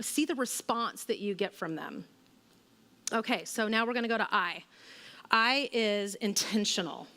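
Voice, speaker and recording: A woman's voice: mid-range voice, bright, forceful tone. Conversational woman speaking in a reverberant hall. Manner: conversational, relatable, with personal anecdotes and fillers. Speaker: women's ministry speaker. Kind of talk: church teaching talk. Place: church hall.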